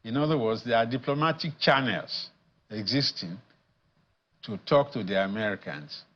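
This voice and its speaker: A man, a guest addressed as professor, speaking in a measured, deliberate way with frequent pauses and fillers in a studio news interview. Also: mid-range voice, expressive, a bit bright, muffled recording. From Nigeria.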